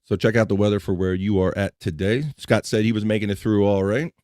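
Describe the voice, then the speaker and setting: A chatty man with a low voice and a slight Mid-Atlantic American twang hosts a live podcast stream. He rambles loosely and restarts sentences mid-thought. The sound is dry and close, with no room echo. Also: fairly even intonation, fairly quick, a little mellow. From Mid-Atlantic United States. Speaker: podcast host. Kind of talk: casual live-stream chat.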